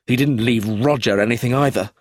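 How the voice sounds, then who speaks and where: A man voicing a cold, jealous middle-aged father with a rough, bitter way of speaking in a storybook reading. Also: mid-range voice, brisk, dry recording, close to an everyday voice.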